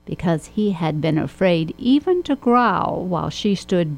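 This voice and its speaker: Woman narrator for a children's storybook, steady and expressive. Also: on the low side, measured pace, creaky, hardly any pauses, poor audio.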